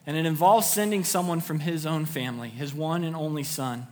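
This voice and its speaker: A man's voice: a little high, brisk, in a large hall. A man preaching a sermon to his congregation, earnest and emphatic, repeating key phrases for weight. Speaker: pastor. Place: church sanctuary.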